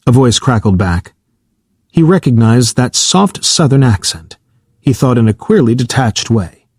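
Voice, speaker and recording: A man narrates an audiobook in a steady, even reading. His voice is mid-pitched with a husky edge. The recording is close and dry. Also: a little slow, no room sound. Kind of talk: scripted narration.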